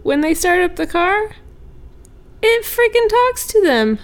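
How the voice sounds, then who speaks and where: A woman co-hosting a comedy podcast, telling an improvised story in a chatty, animated way. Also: very high-pitched, measured pace. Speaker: podcast co-host.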